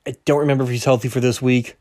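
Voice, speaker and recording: A young man hosting a sports podcast solo races through his rankings in a level, darkish, middle-range voice that sounds a little strained. His talk is casual and rambling, full of stumbles, self-corrections and laughter at his own expense.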